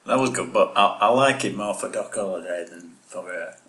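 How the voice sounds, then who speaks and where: A man's voice: low-pitched, normal speed, a bit bright. A man co-hosting a casual podcast, giving blunt opinions and dry one-liners. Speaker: podcast co-host. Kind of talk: casual banter reviewing an episode.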